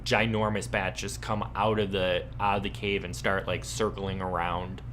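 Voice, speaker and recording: A man narrating as game master of a tabletop game, halting and full of ums and likes. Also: sits low, level tone, fairly bright tone, a little hiss or hum.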